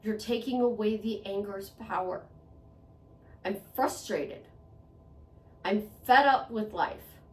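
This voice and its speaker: A woman's voice: mid-range voice, takes it slowly, long pauses, darkish tone. A woman speaking to the camera in a motivational monologue, earnest and conversational, repeating phrases for emphasis. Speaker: self-help vlogger. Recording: echoey room, voice a bit far from mic.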